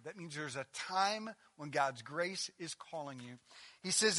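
A man preaching a sermon in a high, bright voice. He drops to a near hush, then builds to loud, emphatic peaks. When he quotes others, he slips into a casual, animated way of talking. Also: moderate pace. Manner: swings from hushed intensity to loud, emphatic preaching. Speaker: pastor.

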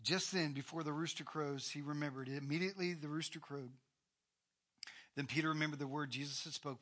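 A man preaching a sermon, retelling a Bible story with swings from hushed to loud. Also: a little high, steady tone, a little fast. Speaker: pastor.

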